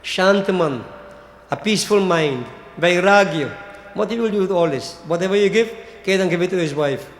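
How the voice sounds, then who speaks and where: Priest preaching in an echoey hall. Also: male voice, high voice, normal speed, a little hiss or hum. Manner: preaching, repeats key words, addresses listeners as devotees. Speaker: Hindu priest. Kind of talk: sermon.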